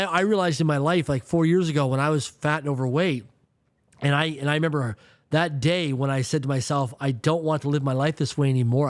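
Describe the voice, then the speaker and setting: A man's voice: on the high side, no echo, clean studio sound. A man in his fifties from Canada, a guest telling stories in an emphatic way, repeating words and acting out quoted voices. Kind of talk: storytelling interview talk.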